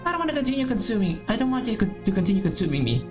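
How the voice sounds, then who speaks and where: A woman hosting a let's-play, reading a visual novel aloud in a blunt, profane, animated way. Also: mid-range voice, racing, over music.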